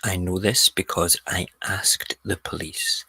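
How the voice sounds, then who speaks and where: A man hosting a radio show, telling a story in a casual, animated way. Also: deep voice, measured pace, husky, no echo. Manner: animated storyteller, mimics people. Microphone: close studio mic.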